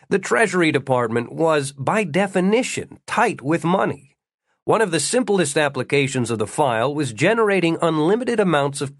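A man's voice: mid-range voice, no room sound. Male audiobook narrator, dry close sound. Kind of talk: scripted narration.

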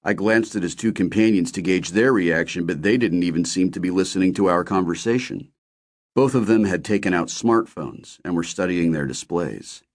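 A man narrating a novel in the first person with expressive storytelling. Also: sits low, normal speed. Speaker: audiobook narrator.

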